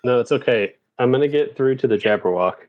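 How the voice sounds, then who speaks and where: A man playing a tabletop game, joking in a relaxed way. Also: medium pitch, fast talker. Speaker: player. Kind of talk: casual tabletop play. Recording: dry, dull mic sound.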